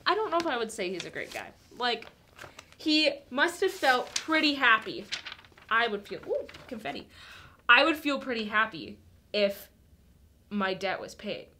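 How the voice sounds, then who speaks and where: A woman telling a Bible story to children in a chatty, animated way, speaking straight to a camera. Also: sits high. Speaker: children's church teacher. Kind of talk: Bible story lesson for kids. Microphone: camera in front of her.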